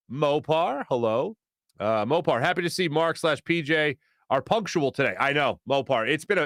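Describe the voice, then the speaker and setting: A man's voice: on the high side, a bit bright, no echo. A man hosting a sports morning show from a radio studio, chatting casually and rambling as he greets viewers and reads their comments aloud. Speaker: sports radio host reading live chat. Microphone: studio microphone.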